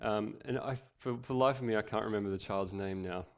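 A man's voice: lowish voice, fast, clean tone, dull audio. A male pastor preaching a sermon, reading scripture with voiced quotes and joking asides.

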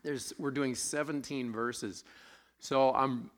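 A man's voice: mid-range voice, fairly even intonation, slow. A man preaching a sermon, conversational and self-deprecating, with a sore throat, asking his congregation questions as he goes. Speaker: pastor.

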